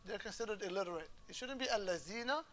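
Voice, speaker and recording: A man teaching Islamic law in a relaxed classroom lecture, his voice bright and forward. He explains step by step, drops in Arabic terms and checks that the students follow. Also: very high-pitched, fairly quick. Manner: explains patiently, often checks the class understands; moves easily between English and Arabic terms.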